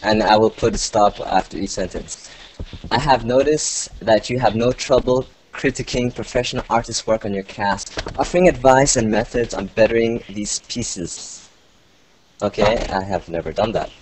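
A man's voice: lowish voice, normal speed, a little hiss or hum, poor audio. A male podcast host reading out listener email in casual chat, interrupting himself with asides, often sounding sarcastic without meaning to.

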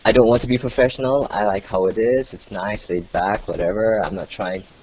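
A man's voice: fairly low pitch, steady tone, a little fast, darkish tone, poor audio. A male podcast host reading out listener email in casual chat, interrupting himself with asides, often sounding sarcastic without meaning to.

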